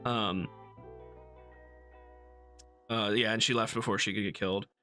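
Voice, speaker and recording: Bright-voiced man chatting about a book. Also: fairly low pitch, fairly even intonation, a little slow, faint music behind. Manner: chatty, frequent ums and restarts, amused. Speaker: book club host. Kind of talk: casual book discussion on a livestream.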